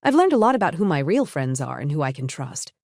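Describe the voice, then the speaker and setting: A woman voicing a composed young woman who calmly confronts a betrayal, her tone cool and pointed. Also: sits low, quick pace, no echo, studio quality. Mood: cold. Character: calm, cutting young woman exposing a cheater.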